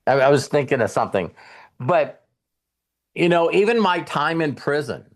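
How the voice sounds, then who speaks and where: Telling a story from his own life, a middle-aged man who hosts a coaching show acts out his younger self's lines in quotes. His voice sits on the high side with big pitch swings, at a moderate pace, in a casual motivational talk.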